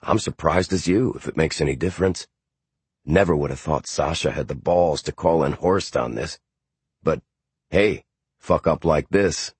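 A man voicing a genial, bored, middle-aged American thug who talks in a low-key, affable way. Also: normal speed, a little mellow, breathy edge, no room sound. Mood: offhand.

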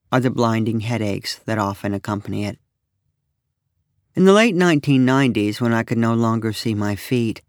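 A middle-aged man reading his own humorous personal essay aloud with a wry, deadpan delivery. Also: medium pitch, no room sound, studio quality.

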